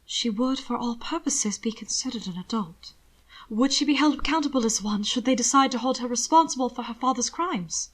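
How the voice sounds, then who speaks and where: A woman doing an earnest young gentleman. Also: fairly high pitch, lively intonation, brisk.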